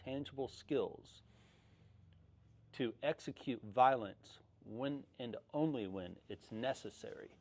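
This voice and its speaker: A man's voice: medium pitch, slow pace, darkish tone. A man speaking firmly in casual conversation, backing up his co-host. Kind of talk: casual chat.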